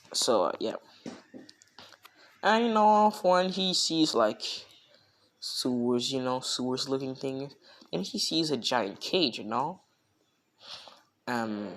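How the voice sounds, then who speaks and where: Young man, casual fan-story narration, rambling, slow, mid-pitched. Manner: rambling, heavy on "you know" fillers.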